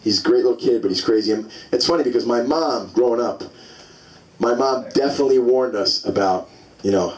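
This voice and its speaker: A man's voice: fairly low pitch, brisk, recorded from a distance, poor audio. A man in his forties doing a stand-up comedy set, telling loose, rambling stories full of fillers on a club stage. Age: 40s.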